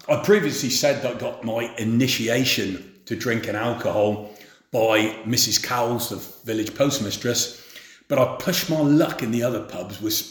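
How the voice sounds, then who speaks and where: A middle-aged man from England telling memories of his youth in an unhurried, plain-spoken way. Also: mid-range voice. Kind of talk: spoken memoir. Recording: roomy echo.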